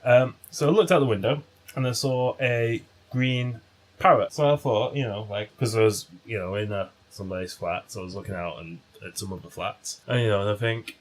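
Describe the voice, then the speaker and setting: A man's voice: medium pitch, lively intonation, fairly quick. A man co-hosting a comedy podcast, telling a rambling anecdote full of fillers and laughter. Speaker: podcast co-host. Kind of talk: casual comedic chat.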